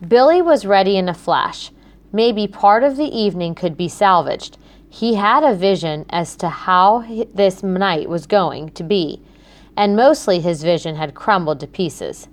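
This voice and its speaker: A woman's voice: mid-range voice, expressive. Woman narrating a children's storybook. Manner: clear, measured storytelling. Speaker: audiobook narrator.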